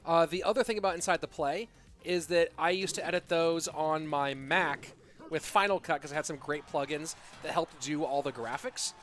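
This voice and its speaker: A man calls a live esports match with bursts of excitement, breaking off to chat casually with his audience. His voice sits a little high, and faint music plays underneath. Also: moderate pace. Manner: excitable play-by-play, chatty asides to viewers. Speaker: esports caster. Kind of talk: live game commentary with chat. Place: Austin, Texas.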